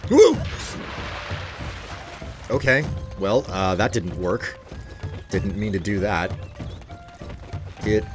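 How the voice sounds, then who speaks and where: Low-voiced man rambling over gameplay. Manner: rambling, hesitant, wry. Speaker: let's play host. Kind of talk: casual gameplay commentary. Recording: game music in background.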